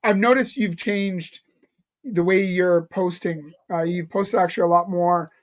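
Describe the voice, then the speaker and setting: A Canadian man co-hosting a podcast in a high voice. He trips over his words with repeated starts and swears bluntly. His talk is loose and joking. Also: fairly even intonation, unhurried. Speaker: podcast co-host. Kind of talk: casual podcast chat.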